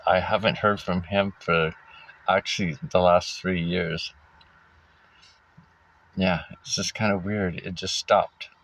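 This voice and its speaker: A man casually telling a personal story, halting often with fillers and restarts and giving wry little laughs. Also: low-pitched, fairly even intonation, fairly bright tone. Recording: dull lo-fi recording.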